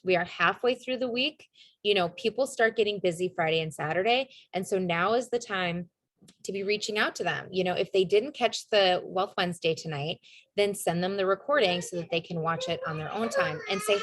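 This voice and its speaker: A young woman talks through a casual motivational team call in an upbeat, chatty way. She often slips into little acted-out lines of dialogue, at a middle pitch for a woman. The sound is dry and close, with no room around it. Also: fairly quick, no room sound. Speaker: network marketing team leader.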